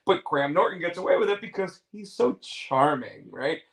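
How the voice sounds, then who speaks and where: A man's voice: high-pitched, lively intonation, moderate pace, creaky, fairly bright tone, rough recording. A man hosting a casual chat show, retelling clips in a rambling way with lots of fillers. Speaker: host.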